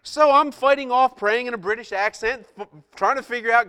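High-voiced man preaching in a reverberant hall. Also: a little fast, clear, resonant tone. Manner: animated, self-mocking storyteller. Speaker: pastor. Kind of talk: storytelling sermon.

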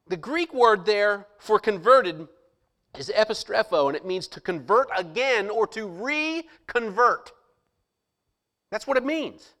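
A man preaching a sermon, reading scripture slowly and emphatically and pausing dramatically around rhetorical questions. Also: high voice, animated, fairly bright tone.

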